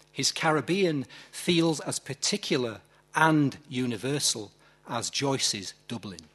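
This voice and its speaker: A man with a Yorkshire accent narrates about poetry in a measured, reflective way. He speaks at an unhurried pace. His voice has a husky edge. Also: on the high side, a bit bright. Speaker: literary commentator.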